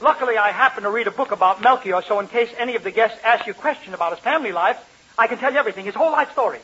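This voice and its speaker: A man hosting a 1940s radio comedy, excitable and wisecracking. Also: high voice, slight background noise. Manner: fast-talking, excitable, wisecracking. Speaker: comedy show host. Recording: muffled old radio broadcast, studio audience.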